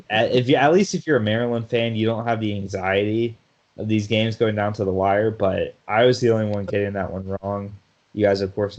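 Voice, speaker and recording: A man's voice: fairly low pitch, darkish tone, muffled recording. A man co-hosting a sports podcast in casual chat, talkative, often laughing and restarting his sentences. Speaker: podcast co-host.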